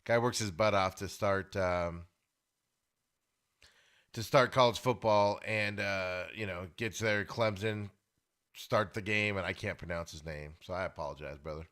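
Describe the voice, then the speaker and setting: A man hosting a sports podcast, giving opinionated casual commentary and getting loud and high when worked up. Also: fairly even intonation, unhurried. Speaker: podcast host. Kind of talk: casual sports talk monologue.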